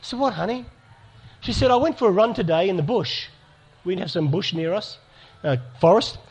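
A man's voice: high-pitched, expressive, moderate pace, a little mellow, husky, lo-fi sound. A middle-aged man giving an earnest talk to an audience, telling stories. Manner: storytelling, earnest, with acted dialogue. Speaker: speaker. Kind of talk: sermon to a live audience.

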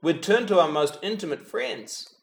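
A man leads a meditative homily, praying aloud as he reflects. His voice sits a little high for a man and stays measured and unhurried, sinking to a near-whisper each time he says the holy name. Now and then a dry touch of humor slips in. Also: animated. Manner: addresses Jesus directly, softening to a hush on the name.

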